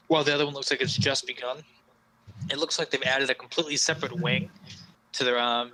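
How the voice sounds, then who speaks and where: A man's voice: mid-range voice, sharp tone, poor audio. A young man narrating a tabletop game as game master, rambling with fillers and restarts.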